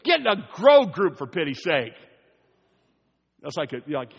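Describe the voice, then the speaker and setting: A man's voice: high-pitched, very animated, a little fast, a bit bright, breathy edge, highs cut off. Guy pastor giving a sermon, loose and jokey then dead earnest, big echoey church sound. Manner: conversational, joking asides, rising to earnest emphasis. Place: church sanctuary.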